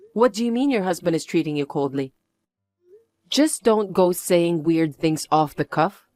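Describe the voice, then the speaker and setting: Woman narrating her own story, tired and dismissive, slow talker, dry close sound. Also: fairly low pitch, dry recording, faint music behind. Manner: flat, weary and dismissive. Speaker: narrator and main character. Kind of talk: dramatized story reading.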